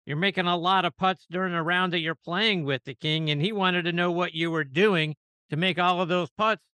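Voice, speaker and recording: A man's voice: sits high, steady tone, normal speed, pushed and bright, clear, resonant tone, no room sound. A man hosting an interview, setting up his guest's story with detailed prompts. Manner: sets up stories with detailed prompts. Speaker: podcast host. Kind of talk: interview questions.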